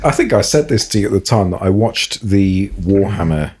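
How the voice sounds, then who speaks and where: A man's voice: low voice, expressive, moderate pace, darkish tone, breathy edge. A man co-hosting a podcast, telling stories in casual chat with hesitant restarts. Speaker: podcast co-host.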